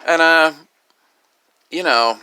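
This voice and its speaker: A grieving, upset man talking in a rambling personal vlog, halting and profane, with many restarts. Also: a little high, pushed and bright, smooth. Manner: halting, profane, full of restarts and "you know". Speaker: video creator.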